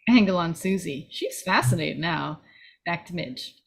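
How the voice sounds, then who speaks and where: A woman's voice: lowish voice, lively intonation, measured pace, vocal fry, breathy edge. A woman reading the stage directions aloud at a table read, plain and matter-of-fact.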